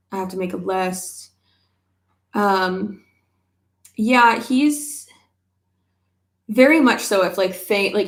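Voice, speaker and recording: A woman's voice: medium pitch, echoey room. Chatty young woman vlogging casually. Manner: chatty, swears casually, many fillers. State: pregnant. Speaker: YouTuber. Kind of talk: casual livestream chat.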